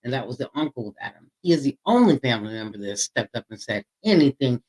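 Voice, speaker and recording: A man hosting a casual true crime commentary show, talking straight to his viewers in an animated, chatty way. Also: mid-range voice, fast talker, low-quality recording. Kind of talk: casual commentary over a played interview.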